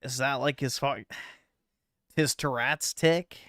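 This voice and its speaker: A man's voice: medium pitch, slow pace, a bit bright, no room sound, studio quality. A man streaming casual reaction commentary, crude, mocking and sarcastic.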